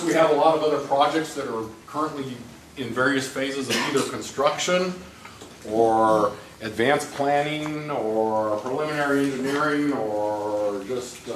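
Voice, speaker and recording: A man's voice: medium pitch, moderate pace. A congested man giving an informal briefing at a public meeting, talking conversationally with many uh's and restarts. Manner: conversational, frequent uh and um, restarts itself. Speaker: rail operations executive giving a briefing. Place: large meeting room. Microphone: distant room mic. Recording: echoey meeting room from far off with noise.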